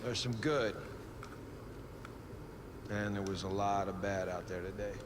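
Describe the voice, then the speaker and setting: A man's voice: on the low side, fairly even intonation, a little slow, background noise, lightly acted. An actor playing a stern, demanding male football coach in a video game cutscene, with curt, no-nonsense questions. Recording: loud game ambience behind voice.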